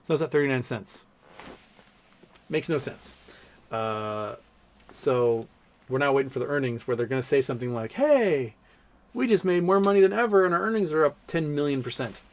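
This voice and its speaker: A man's voice: medium pitch, animated, normal speed, long pauses. A man hosting a casual livestream from home, rambling about markets and reading viewer comments aloud with some swearing. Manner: baby-talk coaxing to his pets. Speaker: livestream host.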